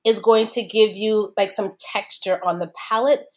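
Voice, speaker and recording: A woman's voice: mid-range voice, fairly even intonation, normal speed. Chatty woman explaining wine. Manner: chatty, warm and explanatory, with fillers. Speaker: wine expert guest. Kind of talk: casual podcast conversation.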